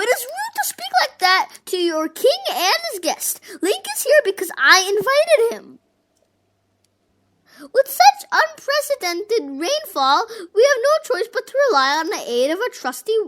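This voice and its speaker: An earnest young fish-folk prince from a fantasy game, put on by a fan doing every role. He speaks politely and reasons with his elders, and the voice is very high and bright. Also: very animated, unhurried, exaggerated voice. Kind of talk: voicing game dialogue.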